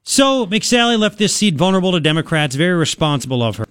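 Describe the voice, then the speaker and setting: A man hosting a political talk radio show, rambling and sarcastic in an animated way. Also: sits high, fast talker, no echo.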